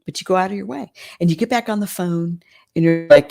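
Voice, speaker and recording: Low-voiced woman coaching business owners. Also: fairly quick, vocal fry, a little mellow, soft background music. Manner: emphatic, conversational, frequent "right?".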